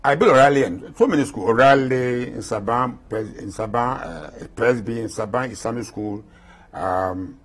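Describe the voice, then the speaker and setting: This Ghanaian-accented interview guest, a man in his 80s, has a husky, mid-range voice and speaks at a moderate pace. Impassioned, he goes over his points again and again to drive them home.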